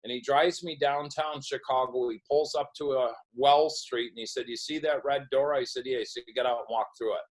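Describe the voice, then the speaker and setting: A middle-aged podcast guest recounts his recovery story in an interview, performing the dialogue of the people he quotes. He talks briskly at a medium pitch in a steady tone, barely pausing. The audio is rough.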